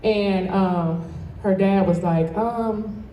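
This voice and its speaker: A woman's voice: medium pitch, extremely slow, far from the mic, lo-fi sound, slight background noise. Passionate woman speaking in an echoey hall. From Toledo, Ohio. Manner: passionate, emphatic, addresses the crowd directly. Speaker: guest speaker and dance studio owner. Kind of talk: motivational speech to a live audience. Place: event hall, indoors.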